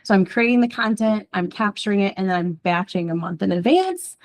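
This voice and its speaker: A woman's voice: medium pitch, fairly quick. Bubbly, chatty woman presenter. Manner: bubbly and chatty, many ums and likes; nervous first-time speaker. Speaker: social media content creator presenting a session. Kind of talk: casual talk to a small group. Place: small in-person group session.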